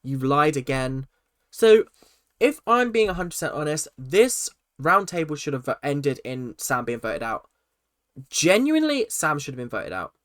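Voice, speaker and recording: Reaction vlogger, fired-up and exasperated, mid-pitched voice, dead-dry close mic. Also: dry recording. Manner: exasperated, animated ranting with frequent restarts. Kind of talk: ranting reality-show recap.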